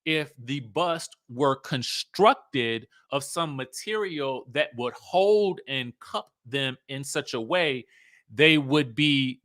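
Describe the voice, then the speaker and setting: A young man speaking hosts a casual live stream, full of sass and playful repetition. His voice is bright and sits a little high for a man. The sound is dry and close, with no room echo. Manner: sassy, animated, playful drawl, repeats himself. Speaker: host.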